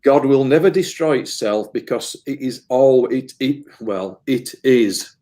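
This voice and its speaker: A man's voice: medium pitch, a little slow, warm tone. A man, a medium giving an earnest, emotional interview, often repeating words as he rambles. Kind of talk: casual spiritual interview talk.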